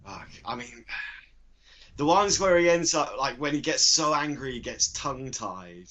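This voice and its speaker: Giggly man, bright and lively. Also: mid-range voice, a little slow, dull audio. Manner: giggly, spins absurd dark jokes. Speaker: co-host. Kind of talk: casual chat.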